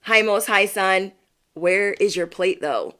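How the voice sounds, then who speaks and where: A woman speaking at a middle pitch, reading tarot cards live for her viewers. Her delivery is chatty and playful, and she keeps tossing back quick "okay?" check-ins. She sounds encouraging and talks straight to the people watching. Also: fairly bright tone. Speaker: tarot reader. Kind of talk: livestream card reading.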